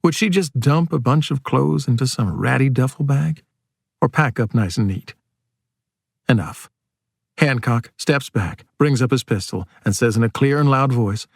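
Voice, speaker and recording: A man reads an audiobook in a measured, steady storytelling voice of average pitch. He sits close to the mic, and the sound is dry, with no room around it. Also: gravelly, no room sound. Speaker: audiobook narrator. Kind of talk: audiobook narration.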